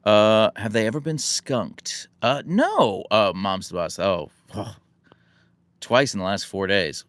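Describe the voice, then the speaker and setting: An American man hosting a relaxed live stream, reading and answering chat questions in a rambling, self-deprecating way. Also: on the low side, measured pace, no echo. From United States. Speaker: livestream host answering chat.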